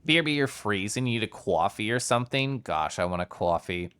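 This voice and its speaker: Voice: medium pitch, expressive, brisk, a bit bright, clear, resonant tone. A streamer giving chatty, playful live commentary while playing a game and joking with chat.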